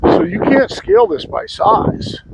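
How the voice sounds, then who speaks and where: A man's voice: very high voice, huge pitch swings, measured pace, vocal fry, heavy background noise. A sawmill owner talking casually and bluntly, rambling and swearing freely while he shows off his wood. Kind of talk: casual vlog talk. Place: outdoor log yard.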